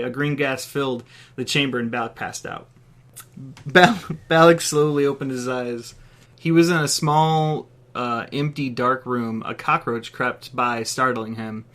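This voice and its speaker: A man's voice: medium pitch, a bit bright. A man hosting a podcast, reading his own comedic story aloud and laughing at his own jokes.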